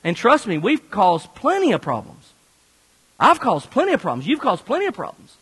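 A man preaching a sermon as a pastor, animated and conversational, speaking directly to the congregation. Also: high-pitched, normal speed, breathy edge, in a large hall, low-quality recording.

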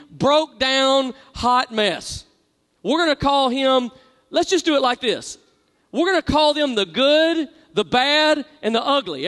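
A man's voice: very high voice, a bit bright. A man preaching a sermon, reading scripture aloud and drawing call-and-response from his congregation. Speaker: pastor. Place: large church hall. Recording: long hall reverb.

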